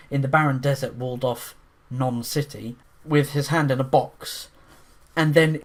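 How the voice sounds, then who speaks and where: A man reviewing a film in a casual, rambling monologue, restarting his sentences often and getting excited about the scenes he describes. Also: medium pitch. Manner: rambling, with frequent restarts and fillers; enthusiastic, breaks into quick voices.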